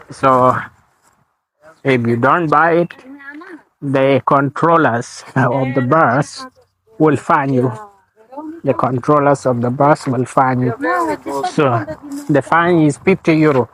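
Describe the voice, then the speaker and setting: A man speaking as an in a casual outdoor vlog, talking slowly and repeating his points while walking through a park with a phone camera. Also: medium pitch, a bit bright, rough recording. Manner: slow and repetitive, restating points. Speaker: vlogger.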